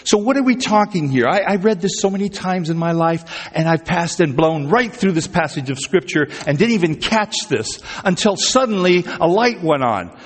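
A man's voice: high voice, expressive, moderate pace, hardly any pauses, in a large hall. A man preaching a sermon, talking conversationally, asking his congregation questions and repeating words for emphasis. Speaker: pastor.

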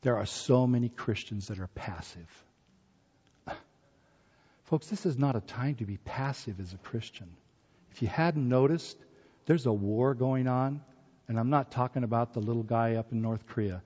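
A man preaching a sermon, lively and acting out voices from scripture. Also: mid-range voice, moderate pace, long pauses, slightly rough. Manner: animated, acts out biblical voices. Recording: dull recording in a hall.

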